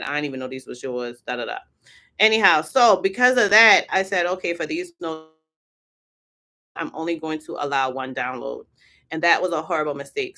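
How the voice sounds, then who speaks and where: A woman's voice: lowish voice, pushed and bright. A woman, chatting casually and sassily with viewers on a livestream as the host. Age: adult. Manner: chatty and sassy, addresses viewers as y'all. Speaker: HR content creator and host.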